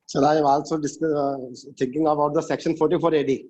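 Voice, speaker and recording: A man who joins a webinar to press his question, insisting on his point. He speaks quickly at a slightly raised pitch, and his voice arrives dull and muffled over the call. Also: little pitch movement, warm tone. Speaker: webinar participant asking questions.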